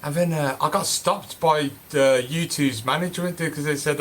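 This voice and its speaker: A man's voice: a little high, fairly even intonation, moderate pace, few pauses, a bit bright, a little hiss or hum. A man telling a casual, rambling story full of fillers and restarts. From Birmingham, England. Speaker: cannabis seed breeder telling a story.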